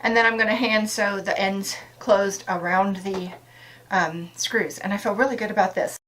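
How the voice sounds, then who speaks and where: A woman's voice: medium pitch, steady tone, normal speed, fairly bright tone, low-quality recording. A woman vlogging as she works on a project, chatting casually and thinking aloud in an upbeat way. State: out of breath at times. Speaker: DIY vlogger. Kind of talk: casual talk-through while working. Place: camper interior.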